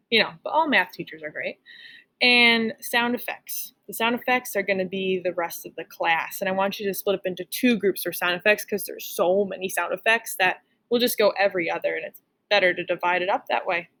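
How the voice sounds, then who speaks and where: A woman's voice: mid-range voice, brisk, bright, forceful tone. Woman, teacher, recorded lesson, upbeat, encouraging, mid-range voice. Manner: upbeat, encouraging, frequent "all right?" check-ins.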